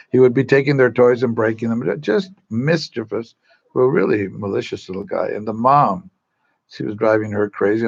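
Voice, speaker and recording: A man's voice: medium pitch, creaky, highs cut off. A man, a priest, telling a long joke on a TV talk show in a rambling, chatty way, often repeating himself.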